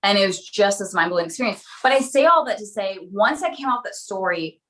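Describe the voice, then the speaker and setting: Candid podcast guest, woman in her late thirties, mid-range voice, open and lively delivery. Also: medium pitch, brisk. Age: late 30s. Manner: open, frank and animated, laughs often. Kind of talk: candid conversational storytelling.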